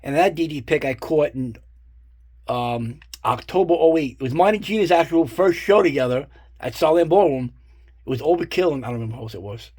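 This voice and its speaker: A middle-aged man shows off his guitar pick collection in casual show-and-tell storytelling, rambling, swearing freely and packing his talk with fillers and asides. His voice is a little high, a little fast and a little mellow, with a breathy edge.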